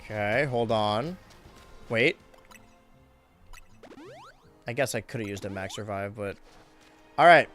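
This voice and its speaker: A young man casually commenting on his gameplay as a streamer, chatty and self-mocking, with sudden loud outbursts and a voice getting worn. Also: lowish voice, moderate pace, soft background music.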